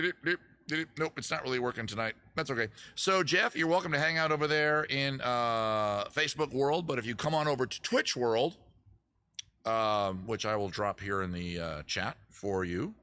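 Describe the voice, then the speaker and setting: A man hosting a casual livestream, rambling and self-mocking with deadpan asides. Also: mid-range voice, normal speed. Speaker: livestream host. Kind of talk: casual livestream chat between songs.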